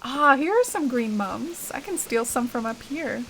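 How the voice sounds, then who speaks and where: A woman's voice: high voice, animated, measured pace, fairly bright tone, a little hiss or hum, low-quality recording. A young adult woman streaming a game, chatting casually and reading chat aloud, rambling with lots of "like" and "uh". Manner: chatty, rambling, heavy use of "like" and "uh". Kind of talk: casual chat while playing.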